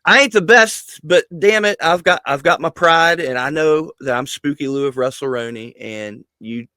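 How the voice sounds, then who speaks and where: A man telling stories as a guest on a casual podcast, animated, swearing freely and laughing mid-sentence. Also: on the high side, moderate pace, no room sound. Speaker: guest, wrestling personality.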